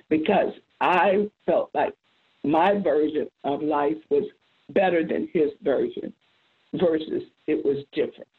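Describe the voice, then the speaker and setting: A woman's voice: low voice, a little slow, slightly rough, narrow, tinny audio. A middle-aged woman coach telling a personal story in an earnest, reflective way, restarting phrases as she thinks. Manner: reflective, earnest, repeats herself while thinking. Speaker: life coach guest. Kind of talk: candid personal storytelling on a panel.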